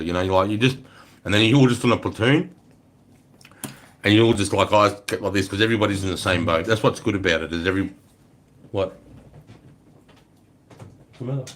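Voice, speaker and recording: Laid-back Australian bloke telling army stories. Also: male voice, fairly low pitch, brisk, long pauses. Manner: swears freely, relaxed storytelling. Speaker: livestream host. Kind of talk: casual livestream chat.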